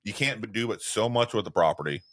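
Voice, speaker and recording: A man's voice: fairly low pitch, animated, quick pace, fairly bright tone. A man co-hosting a podcast, talking in a rambling, casual way with a lot of swearing and laughter. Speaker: podcast co-host. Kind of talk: casual profane chat.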